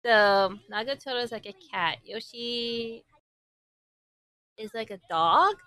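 A woman's voice: fairly high pitch, slow, pushed and bright, clean tone, no echo. A young woman from Hawaii hosting an anime reaction, commenting as she watches with gasps, squeals and giggly outbursts.

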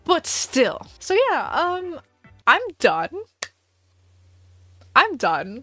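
A young woman streaming a game, chatting casually with her viewers in an excitable, dramatic way, dropping to mutters and jumping up to shrieks. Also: fairly high pitch, takes it slowly, long pauses, dry recording, soft background music. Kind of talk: casual gameplay commentary to a live chat.

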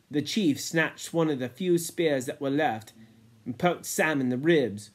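A man reading a novel aloud in a measured way, sinking low and quiet at grim moments. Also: husky. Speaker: reader.

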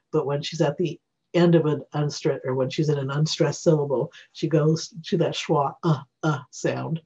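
A teacher explains reading rules while recording their own screen, often pausing to restart or correct a thought. The voice is breathy and husky, sitting at a middling pitch. It comes through a computer mic on a dull, lo-fi recording. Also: a little mellow. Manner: explanatory, self-correcting, thinking aloud. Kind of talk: screen-recorded software tutorial.

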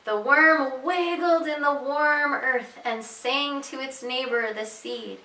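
A high, bright-voiced woman reads picture books to little children as their preschool teacher. She takes her time and sings the story with big rises and falls. The voice sounds off-mic, with an echoey room around it. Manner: slow, sing-song storytelling with lots of pitch leaps. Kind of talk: reading picture books aloud to young children. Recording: echoey room, voice heard from a distance.

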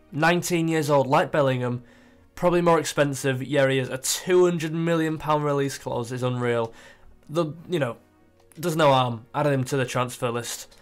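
A young man talks through his football management game in a chatty, excitable way, thinking out loud as he goes. His voice sits a little high for a man, with faint music playing underneath. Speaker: gaming YouTuber. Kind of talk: casual gameplay commentary.

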